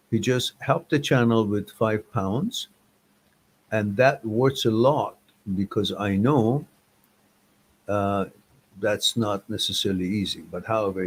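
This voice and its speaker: A man's voice: fairly low pitch, slightly rough, low-quality recording. A man hosting a live chat stream, talking in a loose, rambling and informal way with hesitant restarts.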